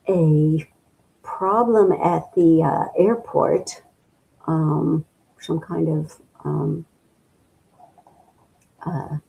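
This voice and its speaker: An older woman from the midwestern US, a guest in an interview, reminiscing slowly and reflectively with many pauses and fillers. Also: deep voice, gravelly, warm tone, husky, rough recording.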